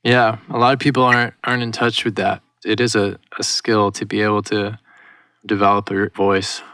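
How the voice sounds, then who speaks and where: A male host of a casual interview, who mostly offers short, agreeable replies and asks questions. He has a bright, forceful tone. The recording is dry and close. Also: on the low side, level tone, moderate pace, clear, resonant tone, dry recording. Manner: brief, agreeable.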